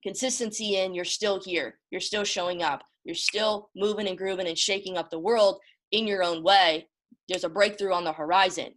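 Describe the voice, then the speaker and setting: A woman's voice: medium pitch, steady tone, normal speed, fairly bright tone. A woman hosting a casual motivational talk, emphatic and emotional, often repeating herself and calling her listeners y'all. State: emotional, close to tears. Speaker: motivational host.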